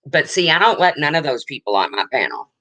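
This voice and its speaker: Older woman, livestream host, low voice often taken for a man's, bright and sharp tone, lively pitch, blunt and rambling. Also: fast talker, no echo. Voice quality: low, husky-sounding voice, often mistaken for a man's. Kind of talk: casual livestream chat.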